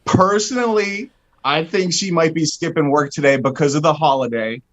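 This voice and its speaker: Sardonic co-host, slightly high voice, muffled lo-fi sound. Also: male voice, moderate pace, no room sound. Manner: sardonic, swears casually. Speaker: co-host bringing stories. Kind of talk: casual chat. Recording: dull lo-fi audio.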